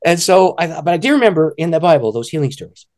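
A middle-aged man, an author and ministry director, telling a personal story in an interview with lively delivery and frequent laughter. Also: a little high, fast. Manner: lively, laughs often, acts out voices in stories.

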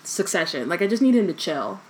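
A woman co-hosting a casual book-club podcast, reading passages aloud with lots of ums and breaking into animated asides. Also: lowish voice, a little fast, rough recording. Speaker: podcast co-host.

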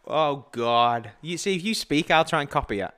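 A man's voice: fairly high pitch, animated, normal speed, a bit bright. A British man co-hosting a podcast, joking and teasing in casual comedy chat. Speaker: podcast co-host.

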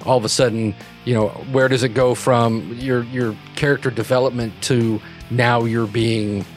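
A man's voice: medium pitch, steady tone, moderate pace, faint music behind. A man hosting a casual podcast chat, easygoing with hesitant restarts. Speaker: podcast host.

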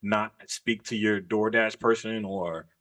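A man's voice: lowish voice, fairly even intonation, takes it slowly, a bit bright. Guy on a podcast, swearing a lot, telling a story, casual and emphatic. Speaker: podcast co-host.

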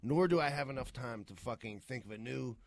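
A man co-hosting a podcast in quick, profane casual chatter. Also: mid-range voice, slight background noise. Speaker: podcast co-host.

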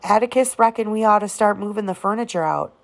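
A woman voicing a young southern boy, anxious and protective, with a slightly gravelly edge to her voice. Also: mid-range voice, quick pace, close to an everyday voice.

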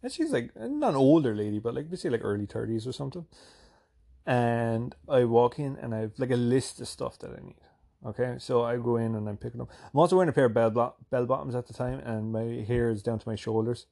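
Gravelly Irish man with a toned-down accent. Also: mid-range voice, expressive, fairly quick, mellow. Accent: softened Irish. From Ireland. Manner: chatty, profane, self-deprecating storytelling. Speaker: vlogger. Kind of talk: rambling casual monologue.

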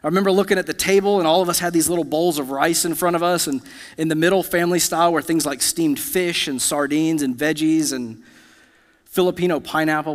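A man's voice: a little high, brisk. A man in his thirties, a pastor from the United States, preaching a conversational sermon to a church congregation and telling personal stories with asides to the room. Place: church sanctuary. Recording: long hall reverb.

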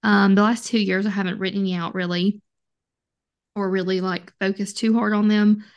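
A woman's voice: mid-range voice, level tone, normal speed, dull audio. A woman co-hosting a podcast in casual chat, easygoing and agreeable, laughing often. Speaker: podcast co-host.

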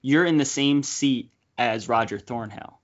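Man, podcast host, casual film chat, mid pitch, slightly dull audio. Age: young adult. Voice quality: chatty, quick asides, frequent laughs.

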